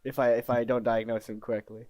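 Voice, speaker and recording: A man's voice: medium pitch, level tone, fast talker, a little mellow, no echo. A man playing a tabletop role-playing game who talks in a casual, joking way. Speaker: player.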